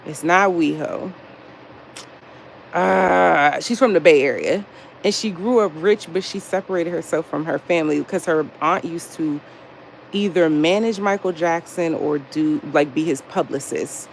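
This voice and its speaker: Young woman, casual livestream chat, profane, gravelly, faint background noise. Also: deep voice, unhurried, poor audio. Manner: animated, profane, reads chat aloud. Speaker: livestream host.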